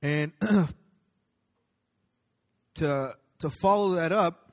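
A man's voice: a little high, extremely slow. A man speaking at a church, giving a casual sermon in a conversational, storytelling way with many ums and restarts.

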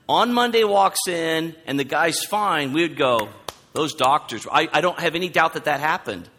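A man preaching a sermon, animated, acting out quoted lines as he goes. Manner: animated, acts out quoted lines with rising pitch. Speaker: pastor. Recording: long hall reverb.

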